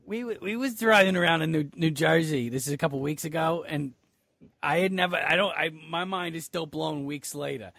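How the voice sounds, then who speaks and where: A man from Georgia in the US joining an improvised comedy chat, telling stories in an excitable, giggly way with sudden squeals. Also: a little high, fairly quick, gravelly, no room sound.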